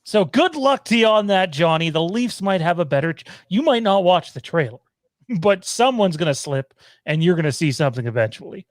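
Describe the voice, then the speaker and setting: Host, male, upbeat teasing patter, slightly high voice, dry close sound, video call. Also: very animated, brisk, dry recording. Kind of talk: casual live show chat.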